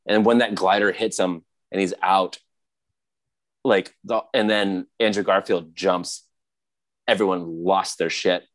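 A man in casual chat, retelling scenes excitedly with frequent laughter. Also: low voice, measured pace.

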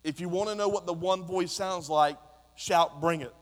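Man, preacher, impassioned sermon, slightly high voice, long church reverb. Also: moderate pace. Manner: impassioned, rising to shouts. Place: church sanctuary.

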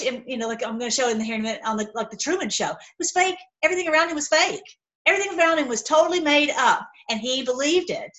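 A woman talks to her online audience in a casual storytelling way, with a slightly high-pitched voice. She leans hard on key words and often breaks off and restarts her sentences. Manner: animated, emphatic retelling with frequent restarts. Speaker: online video host.

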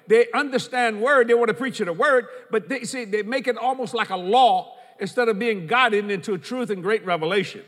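A man's voice: high voice, normal speed, few pauses, fairly bright tone, big-room sound. A man preaching a sermon as pastor, quoting scripture and repeating key lines for emphasis.

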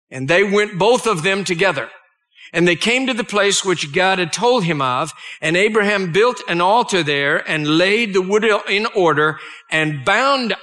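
A man's voice: high voice, pushed and bright. A male pastor preaching a sermon, reading scripture aloud and stopping to explain it and to pray.

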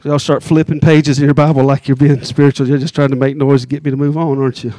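A man preaching a sermon as pastor, talking in a conversational way, teasing his congregation and slowing down hard on key words. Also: mid-range voice, level tone, mellow, dry recording.

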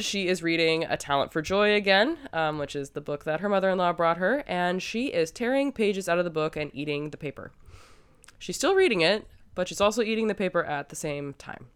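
A young adult woman hosts a podcast and chats her way through a film recap. Her voice is strikingly smooth and clear, sitting a little low. She talks loosely, with plenty of "um" and "like" along the way. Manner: chatty, many fillers and hedges. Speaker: podcast host.

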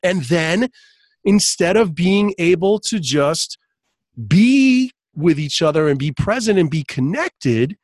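A man with a somewhat high voice rambles through a story on a casual podcast. He restarts his sentences often and chuckles as he goes, recorded dry and close. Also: expressive, takes it slowly, no echo. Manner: laughs while telling stories.

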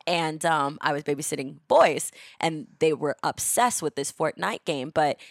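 A woman's voice: sits low, moderate pace, gravelly, dry recording. A woman, a professional dancer, chatting as a podcast guest in a studio, bubbly and full of "like" and laughter. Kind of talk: casual chat. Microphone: studio mic with headphones.

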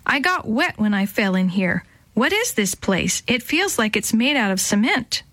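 A woman voicing a brave, curious young girl in a storybook, with a higher, eager voice. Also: big pitch swings, normal speed, a bit bright, no echo.

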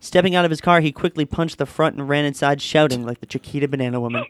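A man with a somewhat high-pitched voice reads a listener's story aloud on a podcast. His delivery is animated and lively, and the recording is dry and close with no room sound. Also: fairly quick, no echo. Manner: animated reading, often breaking into laughter. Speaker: podcast co-host.

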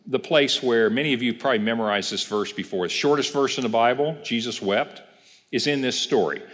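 A man's voice: mid-range voice, fairly bright tone. A man pastor giving a casual Bible class, telling the story and asking the class questions. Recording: reverberant church hall.

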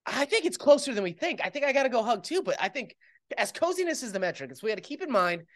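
A man's voice: very high-pitched, sing-song, fast talker, a bit bright. A man co-hosting a podcast in a casual, comedic chat, spinning goofy hypotheticals and swearing freely. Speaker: podcast co-host.

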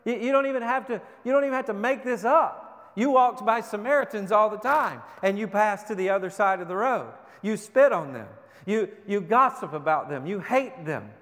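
Pastor guy preaching, pretty high voice, lots of rhetorical questions, long echo from a big church hall. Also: expressive, moderate pace, fairly bright tone. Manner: emphatic, rhetorical questions, repeats words. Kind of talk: sermon. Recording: long reverb of a large hall.

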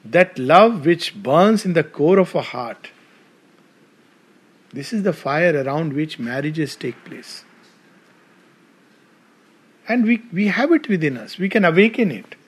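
An Indian English man gives an animated devotional talk to a gathered audience. He tells stories in a fairly high voice and keeps turning to the listeners with questions. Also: slow pace, long pauses, slightly rough. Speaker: spiritual speaker.

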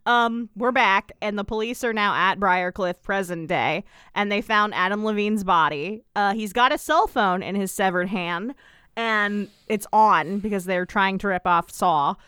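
A woman's voice: medium pitch, bright, forceful tone, clear, resonant tone, no room sound, clean studio sound. A woman co-hosting a casual TV recap podcast, retelling scenes sarcastically. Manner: sarcastic, fast-talking storyteller. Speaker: podcast co-host.

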